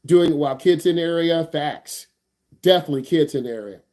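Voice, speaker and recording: A man's voice: a little high, fairly quick, darkish tone. A man teaching an online driving class, hyped and slangy, repeating his questions and joking with students. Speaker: driving instructor.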